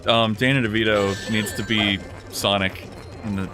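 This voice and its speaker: A man's voice: lowish voice, level tone, normal speed. A man playing and co-hosting a let's play, laid-back and teasing, laughing often. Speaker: let's play co-host, player. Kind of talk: casual gaming chat. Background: video game music.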